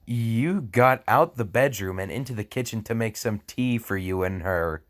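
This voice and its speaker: A man's voice: lowish voice, animated, normal speed. A young man reading a fan story aloud for comedy, breaking off into sarcastic asides, laughing often and stumbling over words. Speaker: fan fiction reader.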